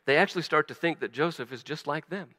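A man preaching a sermon as a pastor, animated, acting out quoted voices, often stumbling and restarting. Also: fairly high pitch, quick pace, big-room sound.

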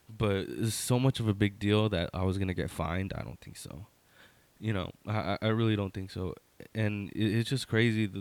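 Middle-aged man, low voice, dry close sound; rambling, wry storyteller, lots of fillers and self-corrections. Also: no room sound. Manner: wry, conversational, addresses listener with "right?". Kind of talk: casual personal storytelling.

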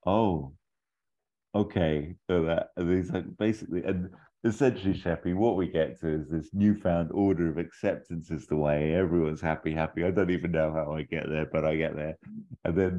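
Casting: low, mellow-voiced man pitching ideas casually on a dull lo-fi recording. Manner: rambling, acts out lines in bits. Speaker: podcast co-host pitching a story idea. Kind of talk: casual chat.

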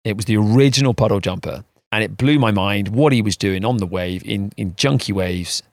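A man's voice: on the low side, fairly quick, a little mellow, no room sound, studio quality. A man co-hosting a podcast, chatting in a rambling, self-mocking way. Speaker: podcast co-host. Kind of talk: casual chat.

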